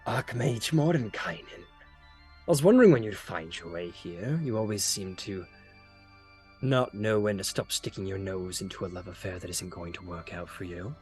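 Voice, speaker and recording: A man voicing a scheming male demon lord who speaks low and taunting. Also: moderate pace, soft background music, close to an everyday voice. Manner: low, hushed, taunting delivery.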